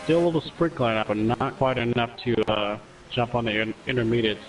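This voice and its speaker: A man's voice: medium pitch, steady tone, a little fast, a little hiss or hum, low-quality recording. A man co-commentating an online sim race, talking through tire strategy and correcting himself as he goes. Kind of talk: casual live sim racing commentary.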